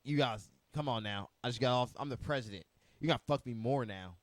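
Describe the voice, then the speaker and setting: A man's voice: mid-range voice, a little fast, dry recording, close to an everyday voice. A man doing a crude, mocking impression of a boastful elderly male president. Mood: demanding.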